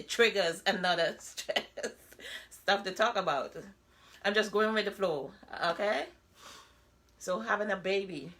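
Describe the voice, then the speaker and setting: A woman's voice: mid-range voice, bright, forceful tone. A woman, talking bluntly and candidly in a personal vlog monologue, full of rhetorical asides. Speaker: vlogger.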